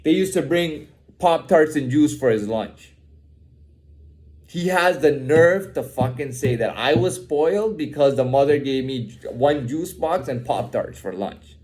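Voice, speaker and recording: Heated young man venting, profane and repetitive, with a lively voice. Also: on the high side, measured pace. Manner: heated, profane, repeats himself and says "man" a lot. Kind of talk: candid personal rant.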